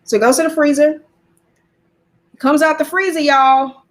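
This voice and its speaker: A woman with a high voice tells a funny story to a church group. She is animated, laughs often and talks straight to her listeners. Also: moderate pace.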